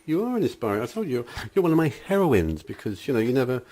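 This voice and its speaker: A man's voice: mid-range voice, very animated, quick pace, mellow. A British man hosting a radio show, introducing and chatting with his guest. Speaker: radio host. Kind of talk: casual radio banter.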